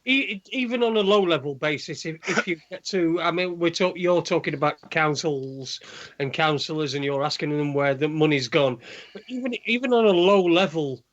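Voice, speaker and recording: A man's voice: fairly high pitch, lively intonation, normal speed, lo-fi sound. A man in casual conversation, talking hesitantly and repeating his words as he builds a point. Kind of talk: casual chat.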